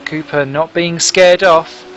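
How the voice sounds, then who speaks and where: Excitable man commentating a sim race. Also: fairly high pitch, slow, lo-fi sound, a little hiss or hum. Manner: excitable, jokey, chatty play-by-play. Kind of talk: live sim racing commentary.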